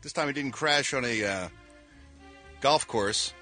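A man's voice: medium pitch, normal speed, pauses often, bright, forceful tone, soft background music. A man reading entertainment news on a radio show with a dry, wry delivery. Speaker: showbiz news reporter on radio.

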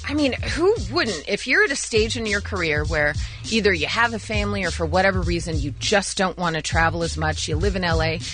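Chatty lady cohosting morning radio, bouncy voice, little music underneath. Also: lowish voice. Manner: chatty, animated, quick to laugh. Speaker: radio show co-host. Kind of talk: casual radio show banter.

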